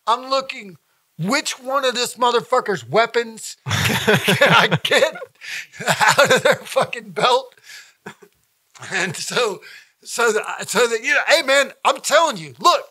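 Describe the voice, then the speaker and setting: A man with a high, bright, ringing voice, talking as a comedian guest on a podcast. He swears constantly and hammers his points home by repeating them. He breaks into laughter between sentences. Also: expressive, slow pace, long pauses, breathy edge, no echo. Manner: profane, blunt and emphatic, heavy swearing; repeats himself for emphasis, laughs mid-sentence. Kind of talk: casual podcast conversation.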